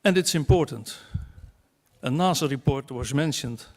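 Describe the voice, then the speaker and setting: A man's voice: mid-range voice, moderate pace. A man giving a conference talk to an audience in a wry, self-mocking way, with asides and rhetorical questions. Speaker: conference speaker. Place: conference hall.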